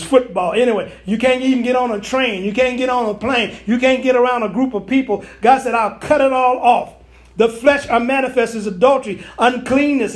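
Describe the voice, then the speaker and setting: A man, a pastor, preaching a prophetic sermon to online viewers, repeating and restarting phrases as he goes. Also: extremely high pitch. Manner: preachy, repetitive, stammering restarts.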